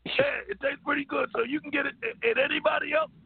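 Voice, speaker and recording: A man playing a rowdy, boozy old uncle on a radio talk show, gravelly and stammering, shouting out bawdy jokes. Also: extremely high pitch, steady tone, quick pace, dry recording. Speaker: regular comic character. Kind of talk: comic radio call-in bit. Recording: tinny phone-line radio audio.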